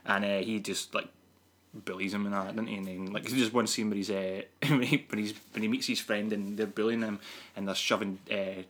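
A man's voice: on the low side, steady tone, fairly quick, fairly bright tone. A man co-hosting a podcast, rambling through a casual movie review with many fillers and frequent laughs. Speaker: podcast co-host.

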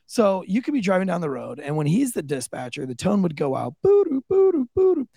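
A man's voice: fairly high pitch, very animated, a little fast, gravelly, warm tone, slightly rough, no echo, studio quality. A man, a former police officer, casually telling stories as a podcast guest, swearing freely and loaded with fillers. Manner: loose, profane, filler-heavy. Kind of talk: casual storytelling. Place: studio.

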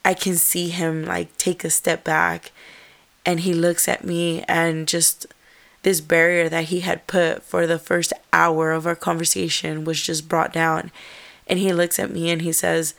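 A young woman recounts a personal story in an earnest, halting way. Her voice sits low and stays fairly flat in pitch. She stops and restarts often as she goes. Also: vocal fry.

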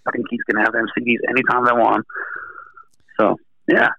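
Laid-back canadian guy, deep and gravelly, kinda muffled lo-fi audio, rambles with lots of ums. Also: little pitch movement, brisk, pushed and bright, no room sound. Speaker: band singer and guitarist, guest. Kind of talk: casual interview chat.

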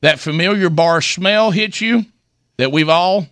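Bright-voiced man telling a comic story. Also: sits high, a little slow, no echo. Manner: animated, self-mocking, acts out quotes. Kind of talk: comic storytelling on talk radio.

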